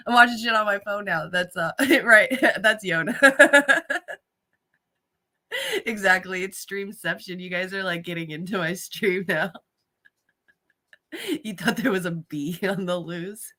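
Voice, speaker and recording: A woman's voice: medium pitch, unhurried, pauses often, sharp tone, faint music behind. A woman chatting casually on a live stream, laughing often and swearing freely.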